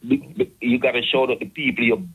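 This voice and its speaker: A man's voice: mid-range voice, fairly even intonation, fast talker, fairly bright tone, slight background noise. A man with a Jamaican accent calls in to a radio show and passionately argues his point. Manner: patois-tinged, passionate, preachy. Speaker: caller. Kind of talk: heated call-in opinion.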